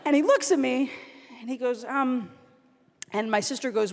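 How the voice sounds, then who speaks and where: A young woman from the American South giving an animated storytelling talk at a youth conference, acting out her family members as she goes. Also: high voice, normal speed, long pauses. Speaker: conference speaker. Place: large conference hall. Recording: long hall reverb.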